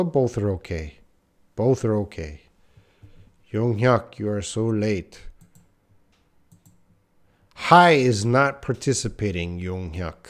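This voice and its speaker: Guy teaching english on a live stream, slow and unhurried, lots of uhs, reads chat names out. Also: on the low side. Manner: thinking aloud with many uh fillers, reads viewer names and comments.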